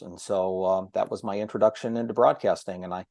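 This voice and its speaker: A man guest on a podcast, telling a story about his broadcasting start in a lively, chatty way and acting out what others said. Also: sits low, brisk, gravelly, few pauses, dry recording. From Ohio. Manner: animated storyteller who acts out quoted voices. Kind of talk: storytelling in casual chat.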